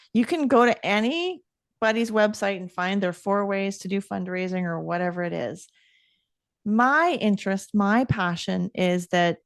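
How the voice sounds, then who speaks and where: A woman coach answers interview questions in an earnest, reflective way, at times pausing to find her words. Her voice has a gravelly fry, and the recording is close and dry. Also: medium pitch, no room sound. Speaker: podcast guest, coach.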